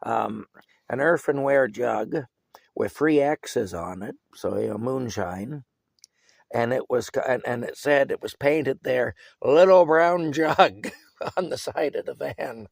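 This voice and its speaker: An older man with a gravelly, fry-laced voice spins a rambling childhood story, chuckling now and then. His pitch sits in a middle range for a man. The sound is dry and close, with no room around it. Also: lively intonation, unhurried, darkish tone, no echo. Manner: rambling, chuckling, filler-heavy. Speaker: vlogger. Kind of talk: casual storytelling monologue.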